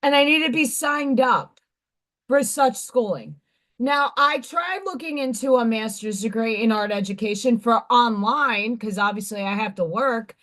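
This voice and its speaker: A woman in her forties hosting a livestream, her voice hoarse and partly gone, venting bluntly and profanely with exasperation. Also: on the high side, a little slow, fairly bright tone. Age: 40s. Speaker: livestream host. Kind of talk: casual venting livestream chat.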